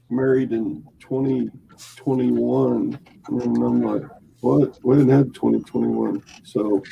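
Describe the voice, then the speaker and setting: A man's voice: medium pitch, vocal fry, dark tone, slight background noise, poor audio. A man co-hosting a casual morning show, telling stories with wry, dry humor. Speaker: co-host.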